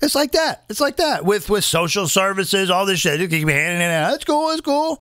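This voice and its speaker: A man's voice: high voice, animated, fairly quick, pushed and bright, dry recording, clean studio sound. A man in his fifties hosting a live comedic political rant, rambling and repeating phrases as he stumbles over restarts. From British American. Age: 50s. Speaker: comedian host.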